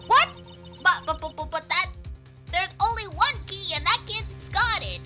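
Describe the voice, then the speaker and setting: A woman doing a loud Southern gal. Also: very high voice, a little slow, music in the background, voice pushed up. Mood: excited. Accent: American Southern. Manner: loud, excitable, folksy drawl. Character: brash young Southern woman photographer.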